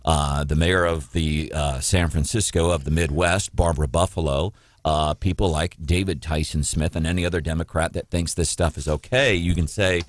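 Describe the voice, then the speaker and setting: A man's voice: extremely low pitch, fairly even intonation, moderate pace, no echo, studio quality. A man hosting a morning talk radio show, giving sarcastic, combative commentary on the news. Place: radio studio.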